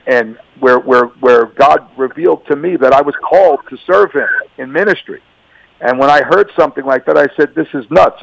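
A man's voice: mid-range voice, gravelly, no echo, poor audio. A man giving an earnest, emphatic faith testimony as a radio guest, repeating himself and stammering through restarts.

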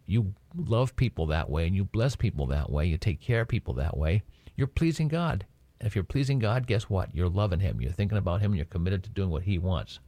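A man's voice: sits low, warm tone, no echo. A man giving a conversational Bible lesson, often checking in with his listeners by asking "right?". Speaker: Bible teacher.

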